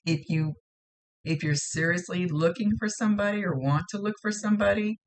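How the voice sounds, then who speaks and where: A psychic medium talks through a spirit reading in a chatty, self-deprecating way, her fairly low voice carrying a steady gravelly fry. She speaks a little fast, circling back to repeat her points.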